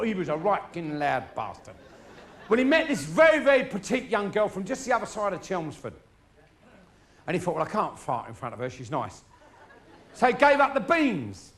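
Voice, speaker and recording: A man's voice: high-pitched, creaky, fairly bright tone. A middle-aged man telling crude stories in a stand-up routine, swearing freely. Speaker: stand-up comedian. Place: live show before an audience.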